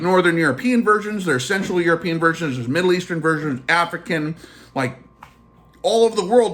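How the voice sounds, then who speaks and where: Animated, chatty man telling a story. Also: sits high. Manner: animated, chatty, full of fillers like "like" and "deal". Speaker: channel host. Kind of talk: casual storytelling vlog.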